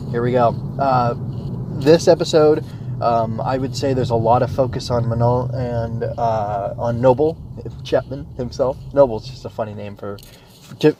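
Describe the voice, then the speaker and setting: A man's voice: mid-range voice, mellow, slight background noise. Rambling man hosting an anime podcast. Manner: rambling, tangent-prone, thinks aloud with many fillers. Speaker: podcast host and anime reviewer. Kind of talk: casual solo podcast commentary. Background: smooth jazz music playing.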